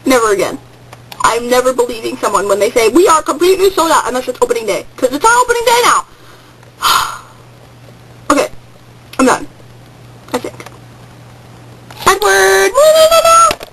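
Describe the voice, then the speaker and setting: A woman's voice: high-pitched, animated, moderate pace, pauses often, a crowd in the background, poor audio. A teenage girl telling a rambling story on a home webcam vlog, hyper and jumping into sudden squeals. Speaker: vlogger. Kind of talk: casual excited vlog storytelling.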